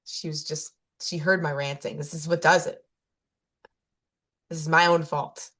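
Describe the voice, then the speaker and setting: A woman's voice: deep voice, little pitch movement, unhurried, a bit bright. A woman co-hosting a podcast, telling a story in casual chat, rambling with lots of fillers and self-corrections and laughing at herself. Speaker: podcast co-host.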